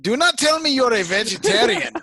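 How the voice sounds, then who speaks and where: A man's voice: very high voice, sing-song, a little fast, gravelly, crowd noise. A man playing a tabletop role-playing game, teasing in a playful, mock-formal tone. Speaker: player.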